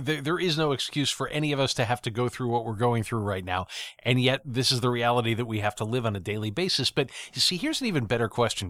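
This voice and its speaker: A man co-hosting a political talk show, sarcastic and animated. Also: medium pitch, dry recording, clean studio sound. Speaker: podcast co-host. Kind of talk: political commentary chat.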